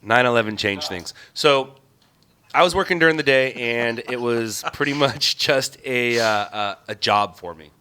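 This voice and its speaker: A man's voice: medium pitch, normal speed, bright, forceful tone, clean tone. A man who works as a news stringer, talking bluntly in a casual chat and swearing casually as he tells stories.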